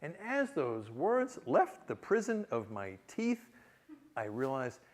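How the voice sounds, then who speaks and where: A man's voice: mid-range voice, wildly swooping pitch, slow. A man, an author telling a comic, self-mocking story to an audience with frequent restarts. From New York City, USA. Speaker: author giving a public reading.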